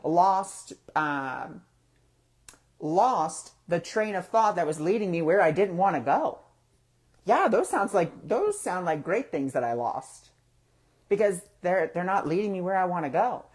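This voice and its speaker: A man hosting a relaxed spiritual talk show, speaking in an easygoing, conversational way. He poses rhetorical questions to his listeners and acts out his own thoughts as he goes. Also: high-pitched, unhurried. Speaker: host of a spiritual discussion.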